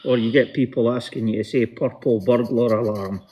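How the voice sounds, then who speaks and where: A man's voice: medium pitch, fairly even intonation, moderate pace, slightly rough, dull audio. A Scottish man chatting casually with dry, wry remarks as co-host. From Scotland. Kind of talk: casual chat.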